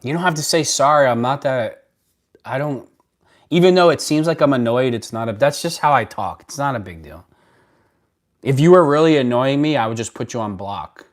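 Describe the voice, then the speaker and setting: A man's voice: mid-range voice, lively intonation, moderate pace. A man hosting a casual live stream, answering viewer comments in a blunt, rambling way, often restarting his sentences. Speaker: livestream host.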